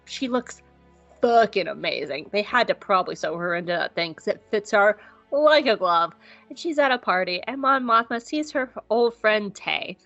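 A woman co-hosting a podcast who recaps an episode in a casual, profane, jokey way and acts out scenes in quick voices. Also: medium pitch, animated, fairly bright tone, no room sound, muffled recording, soft background music. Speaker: podcast co-host.

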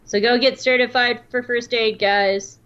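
A woman in her late twenties telling a story on a podcast in a casual, animated way, with lots of fillers and restarts. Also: on the high side, measured pace, clear, resonant tone, muffled recording. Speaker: podcast co-host.

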